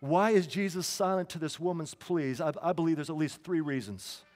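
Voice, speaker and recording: A man's voice: fairly high pitch, moderate pace, a little mellow. A man preaching a sermon in a conversational way, with asides and restarts, in a church. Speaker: pastor. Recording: long reverb of a hall.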